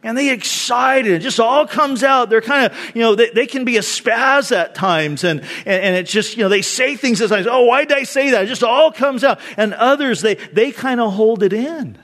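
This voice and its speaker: A pastor with a high-pitched voice delivers a sermon in an easy, conversational way. He tells stories and makes asides to the congregation, and his delivery stays animated throughout. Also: moderate pace, hardly any pauses.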